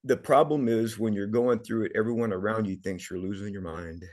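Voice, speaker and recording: A man's voice: fairly low pitch, fairly quick, a little mellow. A middle-aged man, a podcast guest, telling a personal story in an earnest, emotional way, often repeating words.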